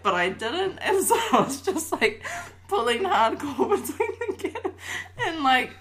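Woman, casual chat, laughing, animated retelling. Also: sits high, unhurried. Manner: laughs often, animated quoting with cries. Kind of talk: casual storytelling among friends.

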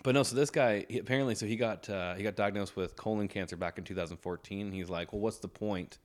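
A man's voice: lowish voice, fairly even intonation, fast. A young man co-hosting a podcast in casual chat, rambling with lots of restarts and laughs. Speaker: podcast co-host.

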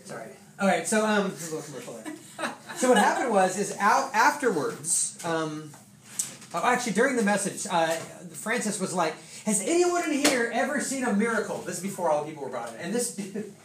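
Animated preacher telling a story, echoey hall. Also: mid-range voice, fairly quick, a crowd in the background. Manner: animated, laughing, many fillers. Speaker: pastor. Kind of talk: storytelling sermon. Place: church hall with congregation. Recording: echoey hall, distant, noisy.

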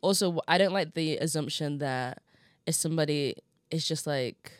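Animated woman, lowish voice. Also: normal speed, no echo, clean studio sound. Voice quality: slightly muffled from chewing gum. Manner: animated storytelling with laughs. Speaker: podcast co-host. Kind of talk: casual chat.

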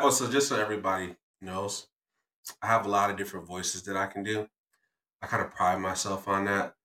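A man's voice: low voice, sharp tone, reverberant, a little hiss or hum, rough recording. A young man hosting a podcast, playful and teasing in casual, slangy chat. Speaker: podcast host.

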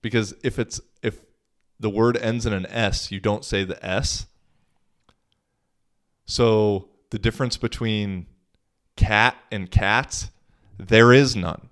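A man's voice: fairly low pitch, fairly even intonation, slow, pauses often, fairly bright tone. A young man hosting his own podcast, talking in a laid-back, slangy, profane way. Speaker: podcast host. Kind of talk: casual solo podcast monologue.

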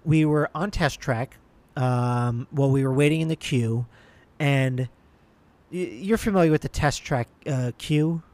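A man's voice: medium pitch, unhurried, darkish tone. A man telling a casual anecdote, rambling along with many restarts and fillers.

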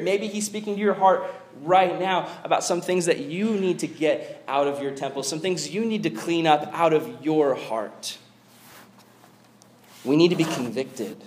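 A man preaching a youth sermon, animated and conversational, acting out the people he quotes. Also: high-pitched, low-quality recording. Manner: animated, acts out quoted voices; conversational with fillers like "like". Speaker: youth pastor.

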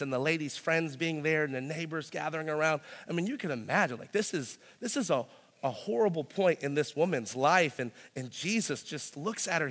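A male pastor delivers a sermon in a relaxed, conversational way, leaning on "like" as he goes. His voice sits a little higher than most men's. The sound carries the long reverb of a large hall. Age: young adult to middle-aged, a parent. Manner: conversational, peppered with "like".

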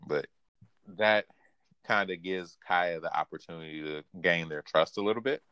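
Deep-voiced man in lively casual chat. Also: a little slow, clear, resonant tone, no room sound. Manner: animated, laughs often, quotes characters in raised voice. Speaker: podcast co-host. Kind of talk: casual anime recap chat.

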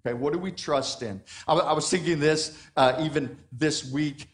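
A middle-aged man preaching a sermon, asking the congregation questions and swinging between soft and loud passages. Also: on the high side, normal speed. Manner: dynamic preaching with questions and acted quotes. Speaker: pastor.

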